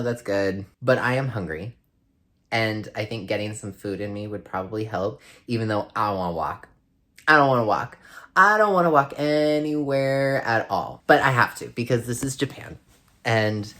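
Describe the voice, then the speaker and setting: A tired, out-of-breath man vlogging from a hotel room, rambling and laughing as he chats. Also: medium pitch. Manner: rambling, chatty, laughs often. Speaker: travel vlogger. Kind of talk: casual vlog chat to camera.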